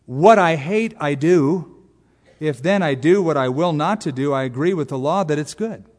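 Animated preacher in a reverberant hall. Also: male voice, on the high side, moderate pace. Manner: animated, acts out voices and exaggerated asides. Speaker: pastor. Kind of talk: expository sermon. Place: large church sanctuary.

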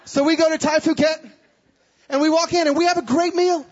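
A male guest speaker preaching a sermon, telling stories in an animated way and acting out the dialogue. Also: very high-pitched, quick pace, lo-fi sound. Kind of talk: sermon with storytelling.

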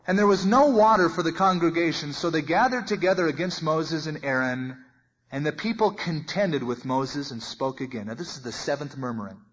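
A man preaching a sermon and teaching verse by verse, talking in a conversational way and acting out the voices in the passage, with big swings in loudness. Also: a little high, normal speed, husky. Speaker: pastor. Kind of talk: expository Bible teaching. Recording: muffled lo-fi recording.

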